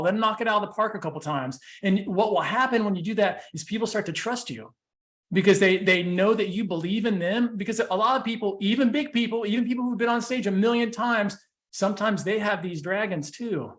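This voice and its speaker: High-voiced man telling stories animatedly. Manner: animated storytelling with frequent "you know" and restarts. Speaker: podcast guest, speaker and coach. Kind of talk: casual podcast conversation.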